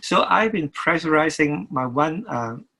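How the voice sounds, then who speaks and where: A man's voice: a little high, animated, vocal fry, pushed and bright, rough recording. An older man, a record producer, talking as an interview guest, stopping and restarting his sentences often. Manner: halting, many restarts and repeated words.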